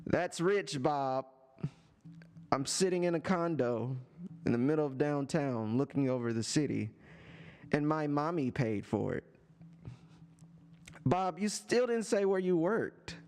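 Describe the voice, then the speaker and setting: Guy streaming at home, slightly high voice, mocking some chatter, sarcastic teasing rant into a desk mic. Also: lively intonation, a little mellow. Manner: sarcastic, teasing, drawn-out taunts. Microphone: desk microphone and headphones.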